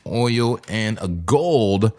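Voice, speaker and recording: A man hosting a live crypto trading stream, talking casually and excitably, with a voice hoarse and cracking from long streams. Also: lowish voice, extremely slow. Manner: excitable, laughs often, sudden shouts. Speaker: crypto trading livestream host.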